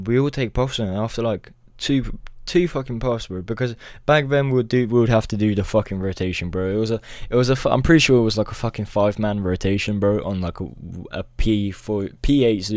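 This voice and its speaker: A man's voice: lowish voice, a little mellow, no echo, studio quality. A young man telling a rambling, profane storytime as a vlogger, peppering his talk with "bro". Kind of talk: casual storytime.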